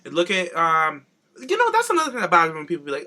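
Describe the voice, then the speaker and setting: Bright, animated male podcast host. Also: a little high, quick pace. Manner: animated, swears, mimics others in mock voices. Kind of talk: casual chat.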